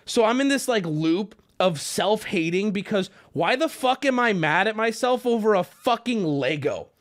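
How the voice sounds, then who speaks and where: A male streamer talks straight to his chat in a loose, rambling way, swearing freely and mocking himself as he goes. His pitch swings widely, dropping low and jumping high. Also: expressive, moderate pace. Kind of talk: casual storytelling to chat.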